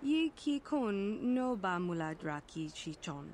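An actress voicing a female alien droid seller who speaks a steady alien language. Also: medium pitch, slow, slight background noise.

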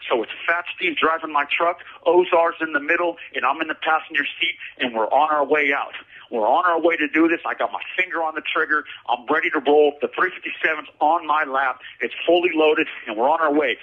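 A man's voice: on the high side, a little fast, phone-quality sound. A man telling a story about his own past in a casual, slangy way, often repeating phrases for emphasis.

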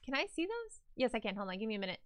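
Upbeat lady chatting to her stream while she draws, kinda high voice, swears a lot. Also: very fast, dry recording. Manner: excitable, swears, chats with viewers. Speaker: live-streaming artist. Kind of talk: casual chat while drawing on stream.

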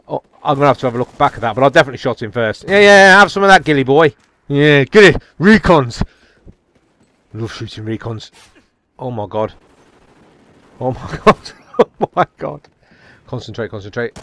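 Excitable man yelping over gameplay. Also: fairly high pitch, a little fast, pauses often, no echo. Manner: excitable, taunting opponents, frequent swings from muttering to yelps. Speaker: gamer. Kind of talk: live gameplay commentary.

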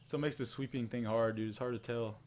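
A young man giving excited commentary on his own gameplay, swinging from muttering to yelling and laughing. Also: mid-range voice, fast, a little hiss or hum. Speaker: gamer.

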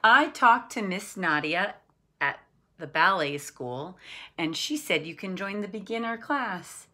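A woman's voice: mid-range voice, lively intonation, a little slow, sharp tone, voice pushed up. A woman doing a kind encouraging mom. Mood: gentle.

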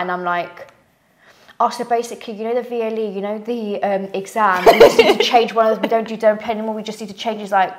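A woman talks fast on a casual podcast, trading stories with her co-hosts. She tells them with life, slipping into little impressions of the people she quotes, at an ordinary middle pitch. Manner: animated storyteller, mimics others' voices. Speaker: co-host.

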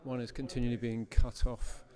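A man calmly giving explanatory commentary in a matter-of-fact way. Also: medium pitch, moderate pace. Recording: crowd noise behind.

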